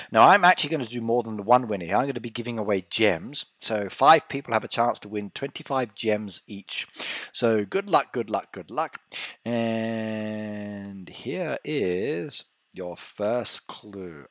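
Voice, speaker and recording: A man's voice: on the low side, a bit bright, no echo. A man hosting a casual live stream, playful and teasing as he reads out the chat.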